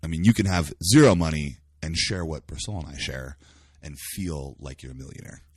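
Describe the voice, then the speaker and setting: Husky deep-voiced man, earnest. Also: brisk, a little mellow, no room sound. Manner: earnest, searching for words. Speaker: guest. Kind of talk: casual interview chat. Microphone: live stream by phone.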